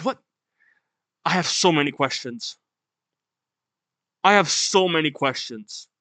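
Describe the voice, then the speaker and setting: A young man hosting a manga reaction, reading aloud and reacting excitedly, swearing and breaking into high yells. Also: a little slow, no room sound.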